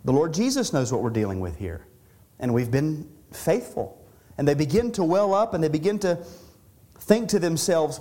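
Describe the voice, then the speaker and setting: A man's voice: on the high side, sing-song, normal speed, mellow. A middle-aged man preaching an expository sermon as pastor, earnest and conversational, often restarting and repeating words as he explains a passage.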